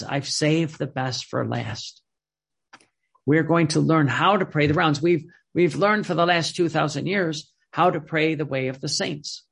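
A man's voice: a little high, gravelly, breathy edge. A man preaching a sermon with a pleading, repetitive cadence and frequent restarts.

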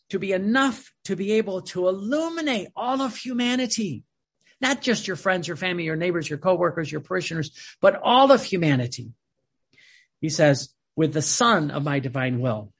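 A man with a high-pitched, husky voice preaches a sermon, reading devotional passages aloud and commenting on them earnestly and emphatically, his volume swinging between loud and soft.

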